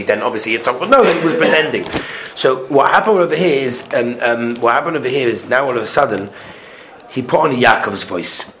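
Man, rabbi, Torah class, lively storytelling, loud-to-hushed swings, Yiddish and Hebrew learning terms, faint ambient noise. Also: medium pitch.

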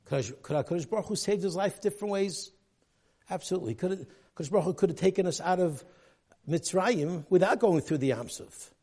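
A man giving a rabbi's sermon, telling a story in an animated way and dropping Hebrew and Yiddish terms. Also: sits high, fairly quick, husky.

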